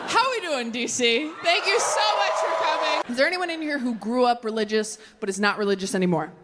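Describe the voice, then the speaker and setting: A woman's voice: fairly high pitch, animated, very noisy. Woman doing stand-up to a laughing crowd. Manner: conversational, quick asides to the crowd. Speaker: stand-up comedian. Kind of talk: stand-up comedy set. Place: large venue with a live audience. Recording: live show with audience laughter. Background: audience laughter.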